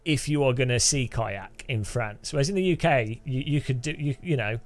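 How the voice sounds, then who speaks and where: A man's voice: medium pitch, moderate pace. A man talks to his live-stream chat while playing a game. He rambles, restarts sentences often, and laughs a lot. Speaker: gaming streamer.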